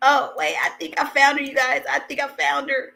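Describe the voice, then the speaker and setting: A woman's voice: high-pitched, flat delivery, fairly quick, gravelly, sharp tone, slight background noise. A woman hosting a live stream, chatting casually and animatedly with her viewers while she waits, often laughing between lines. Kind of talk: casual live commentary to a chat.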